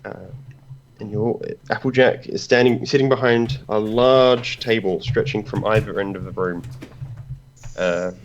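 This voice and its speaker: A man runs a tabletop game as game master, narrating in a halting way with many pauses. His voice is on the low side. The recording is dull and lo-fi. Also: steady tone, slight background noise. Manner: halting, full of uhs.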